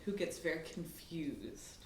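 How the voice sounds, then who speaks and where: A woman's voice: low-pitched, measured pace, darkish tone, reverberant, a little hiss or hum. A woman, a mother in the class, chatty and laughing as she describes a problem with her son. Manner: chatty, laughing, many fillers. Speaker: parent in the class. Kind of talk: asking a question in a class.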